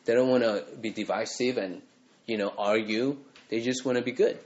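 A man's voice: mid-range voice, steady tone, normal speed, darkish tone, lo-fi sound. Earnest male pastor preaching in conversational style. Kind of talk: sermon.

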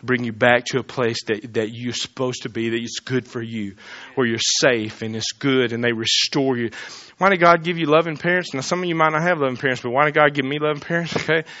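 A man preaching a sermon, swinging between loud fervent declarations and quiet confiding asides. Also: mid-range voice, a little fast, dull audio. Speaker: pastor.

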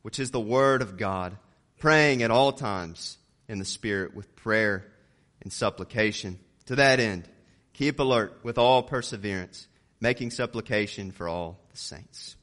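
A man preaching a sermon, reading scripture and building to loud emphatic peaks before dropping low on key words. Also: measured pace.

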